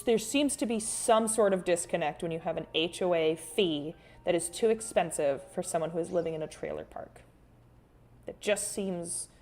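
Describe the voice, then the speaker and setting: A woman hosting an art livestream in a casual, rambling chat, reading out viewer comments as she draws. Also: fairly low pitch. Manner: chatty and rambling, with frequent restarts and sudden soft hums. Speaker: artist livestream host.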